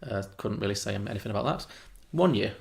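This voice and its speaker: A man's voice: lowish voice, lively intonation, fast talker, creaky. A man co-hosting a film podcast, chatting casually and rambling with frequent self-corrections and chuckles. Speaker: podcast co-host.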